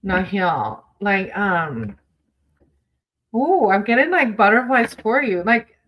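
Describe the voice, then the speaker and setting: A woman's voice: medium pitch, big pitch swings, takes it slowly, fairly bright tone, poor audio. A woman hosting a casual livestream, chatting with viewers between tarot readings, giggling often and calling people sweetie.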